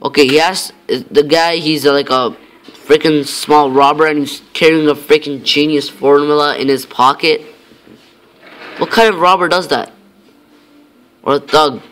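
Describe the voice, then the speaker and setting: A man's voice: on the high side, steady tone, unhurried, a bit bright. A man giving casual, rambling commentary over his own gameplay, talking to himself with many fillers and mock-tough lines.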